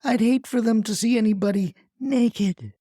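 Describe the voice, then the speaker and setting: A woman's voice: normal speed, mellow, no room sound, clean studio sound, close to an everyday voice. A performer voicing a frantic, gossiping neighbor woman who panics while reporting to a dispatcher. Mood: alarmed. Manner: breathless, panicky, shrill.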